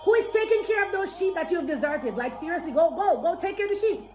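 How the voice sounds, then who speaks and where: A scornful young man, a big brother full of contempt, fires off taunts in a high, rapid, slangy voice, as a woman preacher acts him out in a sermon. Soft music plays under the voice. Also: expressive, roomy sound.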